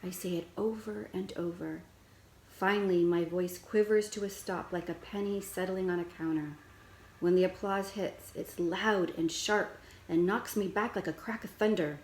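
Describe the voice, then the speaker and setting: A woman with a lowish voice narrates a children's chapter book in first person, steady and gentle. The recording is roomy, with a faint background hiss. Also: moderate pace.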